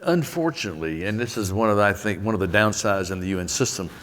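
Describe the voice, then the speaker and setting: A man with a Southern US accent and a lowish, animated, fairly bright voice appears as a guest in a public onstage conversation; he heads an aid agency. He answers questions earnestly, dropping in quick, folksy quoted asides.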